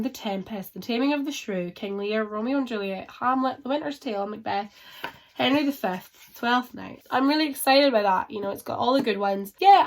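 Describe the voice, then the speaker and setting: A woman book vlogger talking casually to camera at home, chatty and frank, rambling through her reading plans. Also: sits high.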